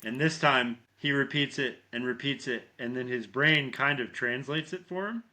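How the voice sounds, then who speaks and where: A man's voice: mid-range voice, moderate pace. A man co-hosting a podcast, recapping a horror movie scene by scene in casual, profane chat and acting out the characters' lines. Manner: animated storyteller, heavy swearing, acts out lines. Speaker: podcast co-host.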